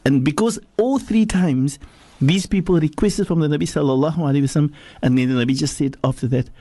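Speaking quickly with a warm tone, a sheikh from South Africa preaches on a radio talk show, delivering a religious teaching with emphasis and dramatic shifts between low and high. The studio recording is dry.

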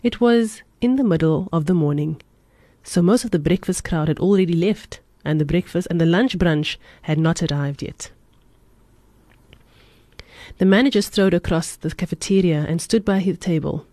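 Mellow-voiced woman reading a story. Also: on the low side, moderate pace, no echo. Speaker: radio presenter. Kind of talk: scripted story narration.

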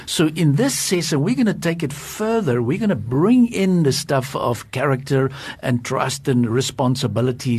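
A man with a husky, slightly breathy voice hosts a talk program and eagerly puts questions to his guests. He is quick to cheer their answers before moving the discussion along. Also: medium pitch, darkish tone. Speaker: program host. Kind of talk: hosted Christian leadership discussion.

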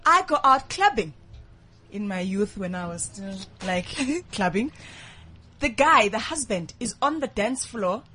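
A woman hosting a casual talk show from a studio, telling a story in an animated way and laughing often. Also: medium pitch, measured pace. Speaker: host. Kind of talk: casual radio-show chat.

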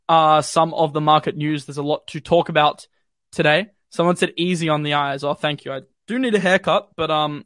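A man's voice: fairly high pitch, fairly bright tone, no room sound, clean studio sound. A young man with a mild Australian city accent, hosting a casual livestream from his bedroom, chatty and full of fillers as he answers viewer comments. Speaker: crypto livestream host. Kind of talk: casual live-stream chat. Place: home bedroom.

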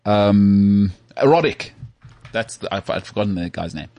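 A man's voice: fairly low pitch, measured pace, no echo, muffled recording. A man co-hosting a sports podcast, telling jokey stories in casual chat. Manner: joking, animated storytelling with frequent "mate" and laughs. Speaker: podcast co-host.

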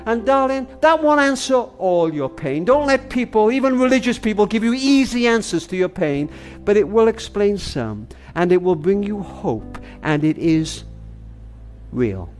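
An older man, a grandfather and author, tells a story and reflects in a tender, intimate, sermon-like way, slowing down for emphasis. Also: high-pitched, lively intonation, faint music behind.

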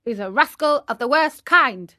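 A woman's voice: high voice, lively intonation, moderate pace, pushed and bright, voice pushed up. A woman voicing a stern, wise male cricket who scolds sharply.

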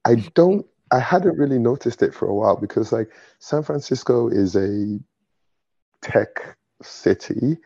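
A man's voice: medium pitch, animated, a little slow, vocal fry, dark tone, husky, no room sound, dull audio. A young man from London with a British accent touched by Nigerian inflections, chatting casually as a guest and laughing often. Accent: British English with Nigerian touches. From London, England. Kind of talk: casual conversation.

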